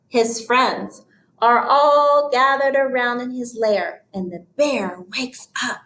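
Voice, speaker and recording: A woman teacher reading a picture book aloud to children, explaining each step clearly and deliberately. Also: a little high, fairly bright tone, roomy sound. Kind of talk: read-aloud lesson for children.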